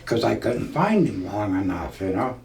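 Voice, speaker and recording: A man's voice: on the low side, sing-song, a little mellow. A man in his seventies from Nebraska, a veteran telling stories in a folksy way for an oral history interview. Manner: slow, folksy storytelling. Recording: roomy, distant mic, faint hiss.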